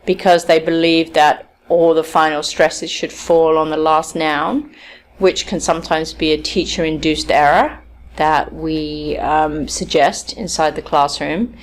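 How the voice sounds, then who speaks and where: A woman with a somewhat low voice delivering a recorded university lecture. She explains patiently, often pausing to ask "okay?", and acts out example sentences to show where the stress falls. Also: fairly even intonation, slight background noise. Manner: explanatory, frequent checking "okay?".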